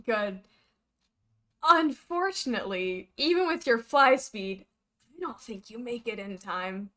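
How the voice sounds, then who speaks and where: A woman narrating as game master of a tabletop game, lively and halting with fillers. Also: a little high.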